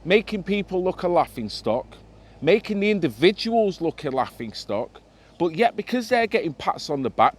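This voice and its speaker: Impassioned man, lively pitch. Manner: emphatic, ranting, swears freely. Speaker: vlogger. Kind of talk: impassioned monologue to camera.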